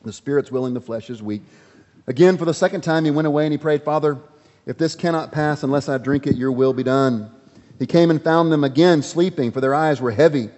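A man preaching a sermon, dramatic, swinging from loud emphatic lines to hushed ones. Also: on the high side, a little fast. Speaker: pastor. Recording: dull audio with long hall reverb.

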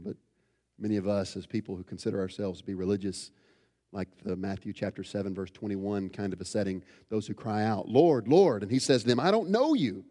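A man's voice: lowish voice, warm tone, long reverb tail. A man preaching a sermon, explaining scripture verse by verse and asking his listeners rhetorical questions. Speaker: pastor.

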